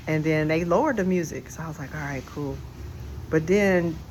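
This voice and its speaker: Relaxed, slangy porch storyteller on a phone. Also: medium pitch, a little hiss or hum. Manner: conversational, reflective, slangy. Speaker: storyteller vlogger. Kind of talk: casual spoken storytelling. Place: outdoors on a porch. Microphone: phone held in hand.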